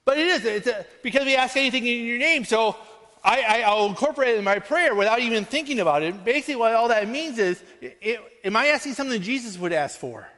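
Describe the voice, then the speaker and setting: A man preaching a sermon as pastor, earnest and conversational, often checking in with his listeners with a quick "right?". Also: very high voice, expressive, bright, forceful tone, big-room sound.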